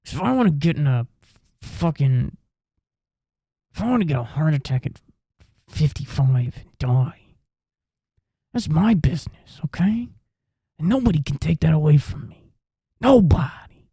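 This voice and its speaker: A man's voice: on the high side, husky, no echo, clean studio sound, exaggerated voice. A man putting on a voice as a blustering, profane macho bro whose accent keeps shifting as he talks. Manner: defiant, profane, shouting rant.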